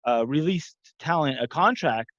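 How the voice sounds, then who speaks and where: A man's voice: a little high, expressive, moderate pace, fairly bright tone, no room sound. A man co-hosting a podcast, giving a matter-of-fact news rundown. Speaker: podcast co-host. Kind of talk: reading news segment. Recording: dull lo-fi dry podcast audio.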